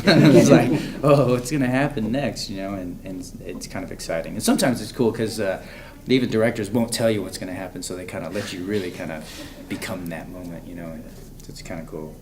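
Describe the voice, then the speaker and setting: A man, an actor, chatting casually in an interview, relaxed and full of fillers like "you know.". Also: deep voice. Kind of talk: casual chat. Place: convention room with crowd around.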